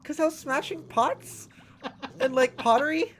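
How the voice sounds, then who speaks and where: A woman's voice: sits high, unhurried. A woman streaming a video game, teasing her co-host and reading chat aloud. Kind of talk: casual gaming chat.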